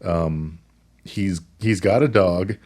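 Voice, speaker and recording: Low-voiced man, halting podcast chat. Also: darkish tone. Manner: halting, thinks aloud, plainspoken. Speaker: podcast co-host. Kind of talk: casual movie-review chat. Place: small room, shared with co-host.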